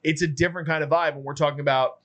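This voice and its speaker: A man in a relaxed film-review discussion, speaking thoughtfully and posing questions to the group. His voice is somewhat high for a man. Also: very fast. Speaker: podcast co-host.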